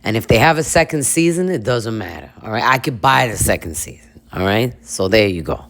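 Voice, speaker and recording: A cocky young man brags and brushes off his critics, as a woman puts him on. His tone drops low and dismissive at the ends of phrases. It is a comedic parody. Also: expressive, fairly quick. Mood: smug. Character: smug, boastful young man.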